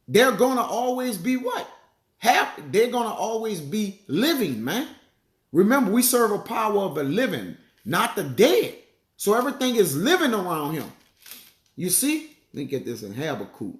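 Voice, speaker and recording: A very animated man with a slightly high voice gives a casual sermon with scripture reading in an echoey room. Conversational, he peppers his lines with "man" and "all right," reads verses slowly and searches aloud for passages.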